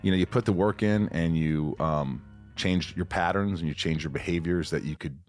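Deep-voiced enthusiastic male podcast host. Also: moderate pace, soft background music. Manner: enthusiastic, effusive storyteller. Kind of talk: casual podcast chat.

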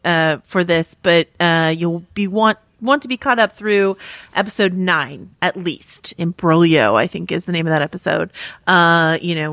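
A woman's voice: on the low side, a bit bright, no echo. A woman hosting a podcast, chatting casually with many fillers and easy laughs. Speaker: podcast host.

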